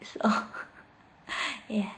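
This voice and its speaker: A woman's voice: very slow, a bit bright. Giggly woman chatting on a late-night livestream. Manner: chatty and giggly, reads questions aloud before answering. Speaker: livestreamer answering viewer chat. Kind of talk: casual late-night live chat. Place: at home, sitting on the floor. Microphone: laptop microphone.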